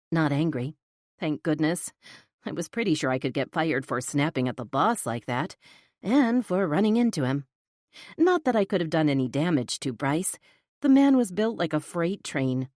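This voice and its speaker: Woman audiobook narrator, low voice, dry close studio sound, expressive first-person telling. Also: measured pace, dry recording. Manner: expressive, flustered inner monologue.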